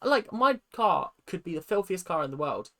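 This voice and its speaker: A British-accented woman hosts a reaction video, ranting in an animated, sarcastic, exasperated way. Her voice is on the low side and her pace moderate.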